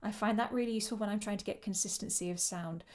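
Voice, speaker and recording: A woman's voice: medium pitch, quick pace. Woman coaching choral breathing. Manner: encouraging, demonstrates breathing with shushing sounds. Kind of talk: online vocal workshop instruction.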